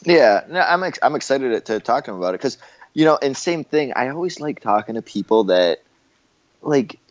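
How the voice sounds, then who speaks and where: A man's voice: mid-range voice, very animated, fairly quick, lo-fi sound. A man from Canada, co-hosting a podcast in laid-back, rambling casual chat. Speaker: podcast co-host.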